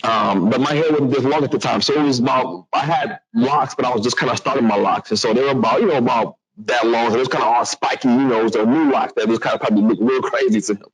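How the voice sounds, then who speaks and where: Animated man telling a story. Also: mid-range voice, quick pace, hardly any pauses, low-quality recording. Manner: animated, acts out other voices, restarts a lot. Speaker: public speaker telling a personal story. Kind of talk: storytelling talk to an audience.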